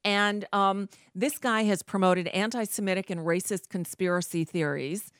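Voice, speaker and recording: A woman's voice: mid-range voice, steady tone, moderate pace, clear, resonant tone, no room sound, clean studio sound. A woman hosting casual political commentary, sarcastic and rambling with many fillers.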